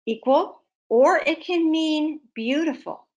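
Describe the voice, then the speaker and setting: A woman tutor walks through a vocabulary lesson with patience, stopping often to give everyday examples. Her voice sits a little high for a woman, and she keeps her explanations plain and friendly. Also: animated, unhurried. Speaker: literacy tutor.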